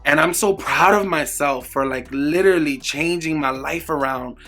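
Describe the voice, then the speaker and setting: A man's voice: on the high side, normal speed, bright, forceful tone, faint music behind. A man in a candid personal vlog, talking emphatically and with lots of swearing, repeating words for emphasis as he urges viewers on. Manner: emphatic, profane, motivational. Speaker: beauty vlogger. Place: indoors at home.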